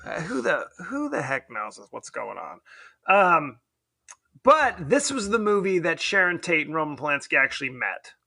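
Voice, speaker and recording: A man's voice: fairly high pitch, big pitch swings, normal speed, creaky, sharp tone, dry recording, clean studio sound. A man co-hosting a podcast, chatting casually and jokingly about a film, laughing often. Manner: joking, laughs often, puts on silly voices. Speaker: podcast co-host. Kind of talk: casual film review chat.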